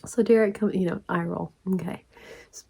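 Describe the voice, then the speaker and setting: A woman, telling a rambling story in a casual vlog, laughing often and dropping into soft asides. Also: on the low side, steady tone, moderate pace, vocal fry, breathy edge. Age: 40s. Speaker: crochet vlogger.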